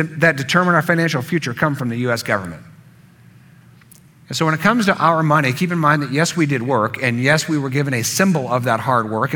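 A man's voice: a little high, pushed and bright. A man preaching a sermon, earnest, building emphasis through repetition. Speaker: pastor.

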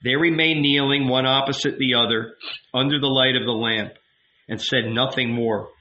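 A man narrating an audiobook in a measured, unhurried way. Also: medium pitch, steady tone, dull audio, background noise. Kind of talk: audiobook reading.

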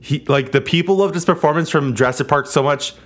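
A man's voice: fairly high pitch, brisk. Blunt, swearing male podcast co-host. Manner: blunt, profane, laughs often. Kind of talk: casual chat.

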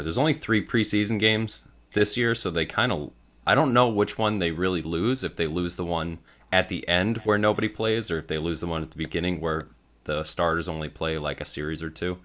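A man with a very low voice and a bright, forceful tone, co-hosting a casual sports podcast. He talks in a loose, chatty way and laughs easily. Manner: relaxed, chatty, laughs often. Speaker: podcast co-host.

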